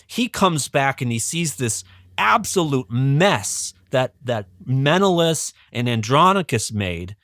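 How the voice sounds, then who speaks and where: Male podcast guest, lively casual storyteller with chuckles and restarts, mid-pitch voice. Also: slow, dry recording. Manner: animated, chuckling, many restarts. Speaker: guest educator.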